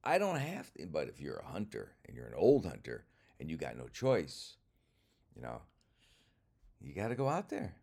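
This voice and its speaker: Very deep-voiced older man, wry. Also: very animated, normal speed, gravelly, pauses often, mellow. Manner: wry, self-mocking, swears freely. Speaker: comedian. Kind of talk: casual rambling monologue.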